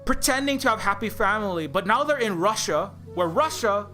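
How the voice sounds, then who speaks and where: An indie game developer ranting in a rambling, profane, sarcastic video commentary. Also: male voice, sits high, expressive, moderate pace, sharp tone, soft background music.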